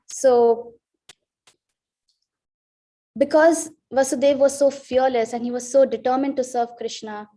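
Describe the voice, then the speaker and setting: A woman's voice: on the high side, mellow. Woman telling a devotional story. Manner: storytelling with emotional quoted voices. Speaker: class speaker. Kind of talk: devotional scripture class. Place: temple.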